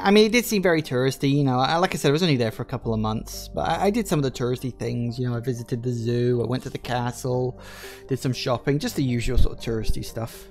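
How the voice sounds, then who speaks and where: A man with an English Midlands accent giving chatty, joking live commentary while streaming a game and answering his chat. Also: mid-range voice. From England.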